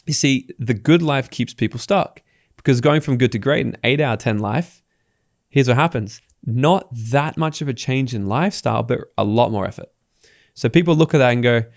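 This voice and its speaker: An Australian man guesting on a podcast, telling stories in a casual, animated way and acting out the people he quotes. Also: medium pitch, normal speed, no echo, studio quality. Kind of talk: casual interview talk.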